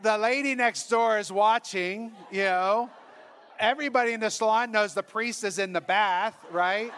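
A man's voice: high-pitched, normal speed, fairly bright tone, a little hiss or hum. A man preaching as a priest, telling funny stories with exuberance and acting out the voices of the people in them. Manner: exuberant and humorous, laughing as he tells stories; acts out quoted voices. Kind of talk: storytelling sermon.

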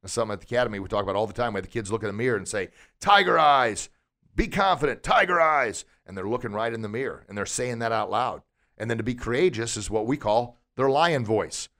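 A man with a voice on the low side talks rapid-fire on his podcast, delivering an energetic motivational message as a martial arts instructor. Rhetorical questions to his listeners come one after another.

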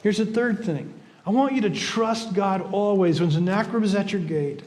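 A man's voice: high-pitched, moderate pace, darkish tone. Earnest older male preacher in a reverberant hall. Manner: earnest, conversational preaching with repeated restarts. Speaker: pastor. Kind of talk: sermon.

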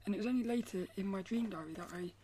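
Woman vlogger, mid-pitched and gentle, drifting into a breathy half-whisper, meandering and repeating herself, with a faint hiss behind. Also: racing. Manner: rambling, repeats and restarts phrases. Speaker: artist vlogger. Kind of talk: casual talk to camera.

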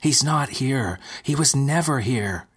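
Guy doing a desperate young woman, husky and high, pleading. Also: animated, takes it slowly. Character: desperate young woman searching for her lover.

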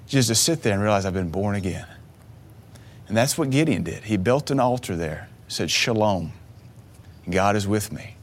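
A man in his thirties preaching a sermon, earnest and emotional, often restarting his words as he tells a personal story. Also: lowish voice. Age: 30s. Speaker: pastor.

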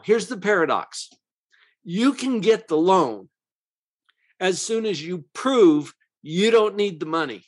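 A man hosting a parenting podcast, explaining calmly and slowing down to stress key words. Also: on the high side. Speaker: parenting coach and podcast host. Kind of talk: podcast monologue.

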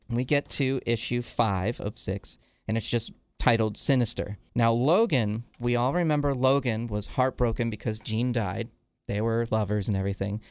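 A man at a middle pitch retells a comic storyline in a loose, casual way, with fillers and quoted lines in his own voice. His voice is smooth and resonant. The sound is dry and close, with no room around it. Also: dry recording. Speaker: podcast host. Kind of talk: casual comic book recap.

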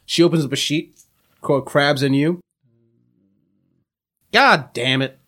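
A man's voice: a little high, slow, a bit bright. A man narrating a tabletop role-play as game master, laughing often and slipping into monster voices.

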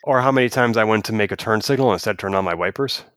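A man co-hosting a podcast, chatting in a casual, animated way and acting out quoted lines as he tells stories. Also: fairly low pitch, very fast, a little hiss or hum. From United States. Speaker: podcast co-host. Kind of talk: casual review chat.

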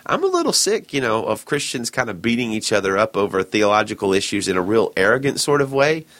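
A man's voice: lowish voice, fast talker, fairly bright tone, dry recording. A man co-hosting a casual podcast chat, speaking in an earnest, opinionated way. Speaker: podcast co-host.

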